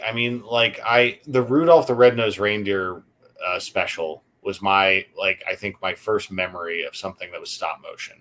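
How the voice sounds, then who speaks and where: Low-voiced joking man co-host. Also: fairly bright tone. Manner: joking, hesitant with ums. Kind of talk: casual chat.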